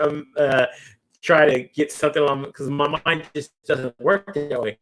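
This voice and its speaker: A man's voice: fairly high pitch, steady tone, a little slow, fairly bright tone. A man hosting a casual interview, talking in long rambling turns full of fillers and restarts. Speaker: host.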